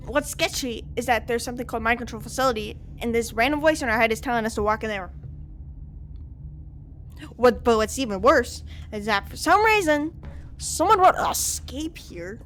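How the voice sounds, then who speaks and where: A chatty woman streamer talks playfully through her game in a high, bright-sounding voice. Her commentary stays casual and giggly. A faint hiss sits behind her. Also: expressive, moderate pace.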